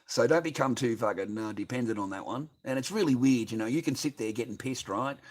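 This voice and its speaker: A man's voice: mid-range voice, fast. A man with an Australian accent hosting a casual livestream, talking to his viewers in a rambling way full of swearing and fillers. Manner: rambling, heavy swearing, constant filler words. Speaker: livestream host. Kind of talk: casual livestream chat, reading viewer comments.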